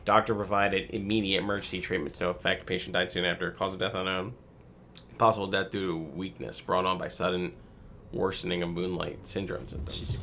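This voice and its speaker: A man's voice: low-pitched, steady tone, a little fast, sharp tone, slight background noise. A man casually commenting on a horror game he is playing, rambling with many fillers, on a desk mic at home. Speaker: gameplay video host. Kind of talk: casual let's play commentary.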